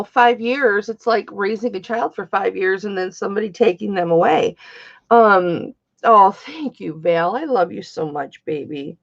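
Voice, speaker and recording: A woman in her fifties hosting a live-stream jewelry sale, chatting with viewers by name as she shows each piece. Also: mid-range voice. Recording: dull lo-fi stream audio.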